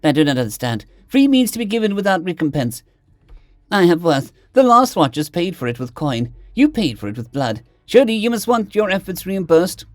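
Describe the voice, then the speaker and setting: A man's voice: high-pitched, sing-song, fairly quick, dry recording, clean studio sound, voice pushed up. A man voicing a stiff, formal alien servant. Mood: formal earnest. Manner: stiff, formal, clipped phrasing.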